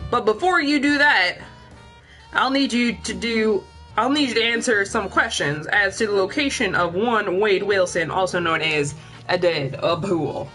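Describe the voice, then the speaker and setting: A woman voicing a gruff, bossy male crime boss with a sneering, menacing manner. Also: medium pitch, measured pace, bright, forceful tone, soft background music.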